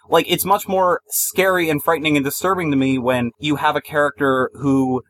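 A man's voice: a little high, steady tone, moderate pace, a bit bright, a little hiss or hum, poor audio. A man reviewing films in a casual debate, arguing his point emphatically. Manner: argumentative, emphatic. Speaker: film reviewer.

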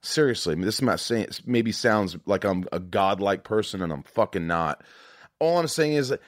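Low-voiced frank man hosting a podcast. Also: animated, moderate pace, no echo, studio quality. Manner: frank and profane, openly emotional; rambling with many restarts and fillers. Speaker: podcast host. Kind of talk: casual candid chat.

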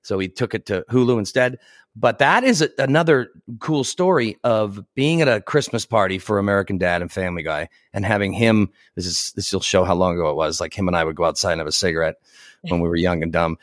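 A man's voice: sits low, quick pace, dry recording. A middle-aged man spins a long anecdote in an easy, chatty way. He laughs often and slips into the voices of the people he quotes. The sound is close and dry, with no room around it. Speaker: actor guest. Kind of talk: casual anecdotal storytelling.

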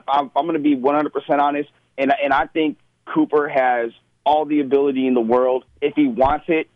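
A man's voice: medium pitch, no echo. A man hosting a sports talk radio show, opinionated and conversational. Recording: tinny phone-like radio audio, dry.

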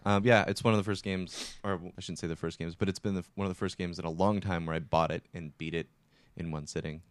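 A man on a gaming podcast, telling a game story in an animated way, with lots of swearing and acted-out reactions. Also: deep voice, fast talker, no echo. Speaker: podcast co-host. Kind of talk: casual gaming chat.

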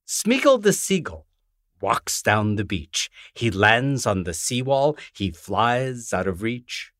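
Slow, lilting man reading a rhyming storybook. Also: fairly low pitch, sing-song, dry recording, studio quality. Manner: gentle, lilting rhyming delivery. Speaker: author reading his book. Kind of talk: children's book reading.

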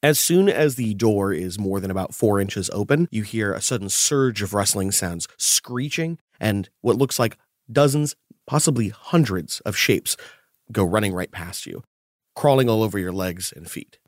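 A man narrating a tabletop game as game master, with a steady, descriptive delivery. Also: lowish voice, moderate pace, no echo, studio quality.

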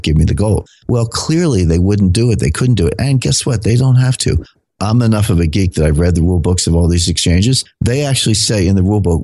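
A man, a podcast guest, explaining in a measured, lecturing way with rhetorical questions. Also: deep voice, a little mellow, husky, no echo.

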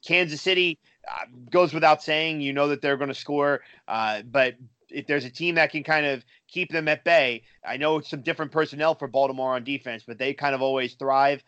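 A man co-hosting a sports betting show, talking through his pick in a measured way with frequent fillers. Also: a little high, a bit bright, clear, resonant tone, dry recording, lo-fi sound. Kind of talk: casual sports betting talk.

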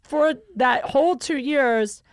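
A woman podcast host speaks in a slightly high voice, chatting frankly and casually. She swears freely and shares candid personal stories. The sound is dry and close. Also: slow, no room sound.

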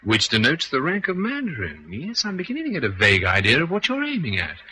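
An actor playing a calm, dry-witted detective held captive, in a vintage radio drama. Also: male voice, fairly high pitch, fast talker, slight background noise, full character voice. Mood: wry. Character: wry captive male detective.

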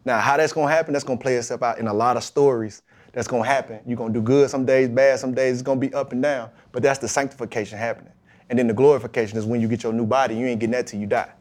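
A man tells his story in a relaxed, colloquial way on a podcast. He talks in an animated manner and slips into the voices of the people in his tale. His voice sits at a middle pitch. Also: very fast. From Mississippi, USA. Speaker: guest, football player.

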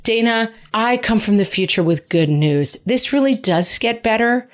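A middle-aged woman hosting a parenting podcast, giving reassuring advice in a chatty, wry way with quick asides. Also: on the high side, animated. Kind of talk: casual advice podcast talk.

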